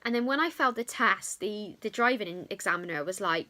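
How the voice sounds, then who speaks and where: Young woman rambling thru a storytime, bright voice, pitch jumps all over. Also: fairly quick. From England. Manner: chatty, animated retelling with many fillers. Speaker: vlogger. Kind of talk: storytime vlog.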